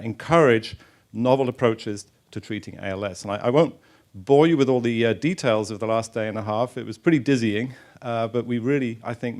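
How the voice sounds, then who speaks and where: Middle-aged guy giving a science talk, chatty, lots of uhs and restarts, normal pitch. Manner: informal, chatty, many fillers and restarts. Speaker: stem cell researcher giving a talk. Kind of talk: public science lecture with slides. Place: lecture hall.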